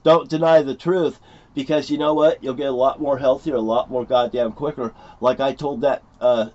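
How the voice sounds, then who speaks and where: A man's voice: medium pitch, steady tone, moderate pace, darkish tone. Angry middle-aged man ranting profanely. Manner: angry, profane, rambling, repeats himself. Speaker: vlogger. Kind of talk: heated off-the-cuff rant. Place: at his home property by a motorhome. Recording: dull lo-fi recording.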